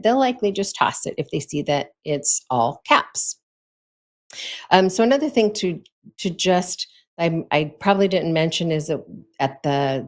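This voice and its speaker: Low-voiced woman giving chatty advice. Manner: chatty and conversational, with frequent fillers and little laughs. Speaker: host giving advice to authors. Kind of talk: casual instructional talk.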